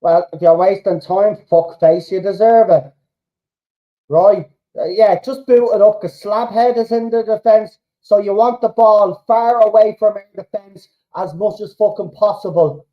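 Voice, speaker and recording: A man reacting live to a football match as a fan host, swearing freely and shouting at the players. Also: high-pitched, steady tone, a little slow, highs cut off.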